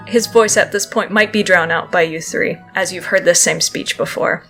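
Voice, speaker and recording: A woman runs a tabletop role-playing game as its game master. She narrates the scenes in a quick, playful way. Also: lowish voice, steady tone, pushed and bright, faint music behind, poor audio.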